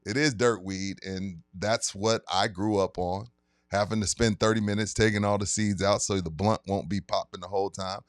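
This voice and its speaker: A man co-hosting a casual sports podcast, chatting and hyping up sponsor plugs with drawn-out emphasis. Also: fairly low pitch, steady tone, no echo, studio quality. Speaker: podcast co-host.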